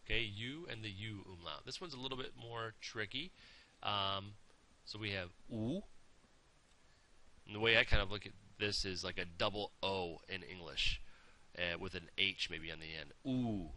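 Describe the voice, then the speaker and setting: In this pronunciation lesson, a male language teacher with a low-pitched voice exaggerates every sound patiently and keeps asking "okay?" along the way. His speed is normal and his tone pushed and bright, with a little hiss or hum behind him.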